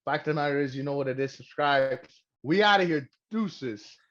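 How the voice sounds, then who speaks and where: A man's voice: fairly high pitch, normal speed, fairly bright tone. Profane, joking young podcast host man. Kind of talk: casual chat. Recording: dull lo-fi sound.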